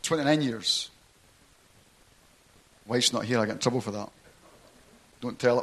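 Speaking at normal speed in a slightly bright, mid-range voice, a middle-aged man shares the story of his conversion during a sermon. This preacher's testimony is dotted with check-ins of "right?".

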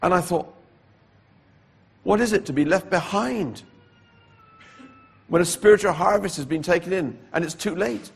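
A man with a husky, slightly rough voice tells his personal testimony from the pulpit. He talks slowly and deliberately, letting pauses carry the weight of the story. A frequent cough interrupts him. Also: sits high. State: coughing repeatedly. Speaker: preacher giving his testimony.

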